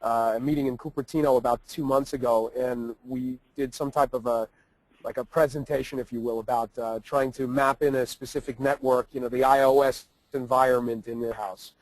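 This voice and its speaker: A man's voice: medium pitch, fairly even intonation, brisk, no echo, rough recording. A man who works in sales, chatting enthusiastically and telling stories. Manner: enthusiastic, storytelling. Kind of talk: casual chat.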